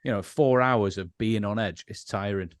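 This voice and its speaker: A man's voice: on the low side, moderate pace, dry recording, clean studio sound. A man hosting a podcast in casual chat, laughing often and chipping in with short questions.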